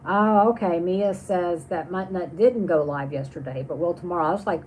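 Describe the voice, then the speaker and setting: A woman's voice: lowish voice, moderate pace, a little mellow, a little hiss or hum, low-quality recording. A woman hosting a casual livestream, reading viewer comments aloud and chatting on in a rambling way with many restarts. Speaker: livestream host.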